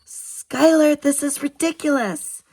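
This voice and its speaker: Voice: high-pitched, takes it slowly, a little mellow, pitched above the performer's own voice. A man voicing a level-headed, exasperated young woman in a storybook reading.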